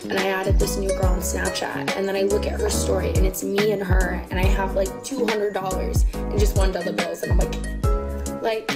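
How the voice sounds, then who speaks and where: Casting note: young woman in her twenties, hungover, loose and profane rambling vlog chat over loud music. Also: medium pitch, flat delivery, normal speed. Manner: hungover and swearing, rambling with lots of "like". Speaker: vlogger. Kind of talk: casual get-ready-with-me vlog.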